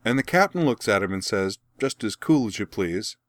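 Brief: a man doing a brash young woman spinning a rowdy tale, raised pitch, audiobook style, dry read. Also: animated, moderate pace, no room sound, natural voice. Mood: animated. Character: brash young woman telling a war story.

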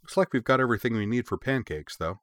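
A man's voice: medium pitch, animated, no room sound, studio quality, pitched above the performer's own voice, natural voice. A man voicing a cheerful, chatty sixteen-year-old girl. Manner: bubbly, quick.

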